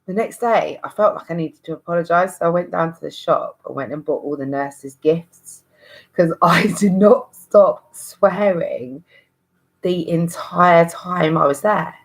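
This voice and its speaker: A woman's voice: sits low, moderate pace, poor audio. A woman in her thirties talking candidly to camera, frank and rambling, with swearing and frequent restarts. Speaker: vlogger. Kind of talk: candid monologue.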